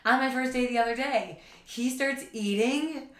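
A woman's voice: high voice, normal speed, noisy background. Chatty young woman in an echoey room. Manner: chatty storyteller, laughs easily. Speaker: podcast co-host. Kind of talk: casual chat.

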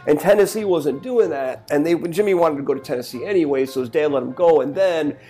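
A man's voice: fairly high pitch, a little fast, warm tone, faint music behind. A man telling a rambling story in casual chat, with many restarts as he goes. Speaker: podcast co-host.

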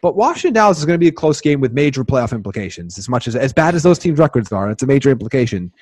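A man co-hosts a podcast in loose, casual chat. He rambles excitably and keeps circling back to restart his sentences. His voice is dry and close, with nothing around it. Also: medium pitch, racing, no echo. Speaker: podcast co-host.

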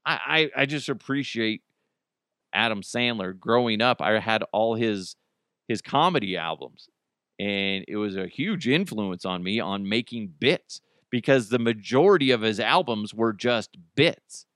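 A man's voice: on the low side, expressive, measured pace, fairly bright tone, dry recording, clean studio sound. A man hosting a radio show, chatting casually with rambling jokes and self-corrections. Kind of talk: casual on-air chat.

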